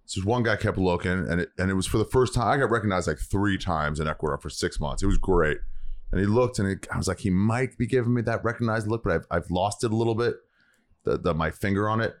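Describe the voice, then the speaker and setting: A man chatting casually on a podcast, telling animated stories and swearing freely. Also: low voice, fast talker. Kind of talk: casual chat.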